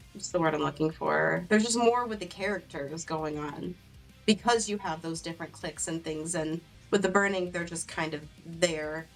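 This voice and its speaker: A woman's voice: on the low side, creaky, low-quality recording. A woman on a podcast panel who has the flu, hesitant and searching for words. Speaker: panel guest. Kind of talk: casual panel chat.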